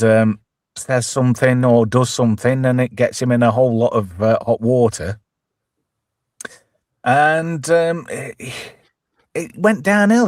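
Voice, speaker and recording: The host of a live show, a man with an East Midlands English accent, speaks in a medium-pitched, slightly mellow voice recorded at studio quality with no room sound. His casual chat-show banter is blunt, jokey, sweary and rambling.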